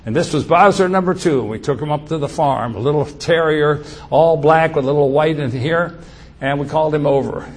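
An older man with a husky voice, earnestly telling a personal story from his childhood and acting out the quotes. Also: fairly high pitch, a little fast. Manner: earnest, animated retelling with acted quotes.

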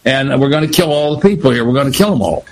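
A man with a husky voice voicing a blunt, matter-of-fact captain of the guard. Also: mid-range voice, lively intonation, fast talker, close to an everyday voice, rough recording.

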